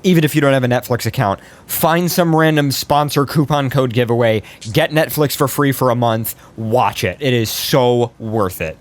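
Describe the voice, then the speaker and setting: A man's voice: medium pitch, moderate pace, hardly any pauses. A man hosting a casual post-show chat, rambling through stories with lots of fillers. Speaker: podcast host.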